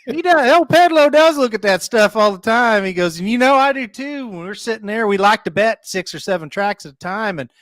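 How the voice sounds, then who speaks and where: A man's voice: high voice, lively intonation, brisk, few pauses, fairly bright tone, no echo. A man co-hosting a betting podcast, telling a rambling story in casual chat with many fillers. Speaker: co-host.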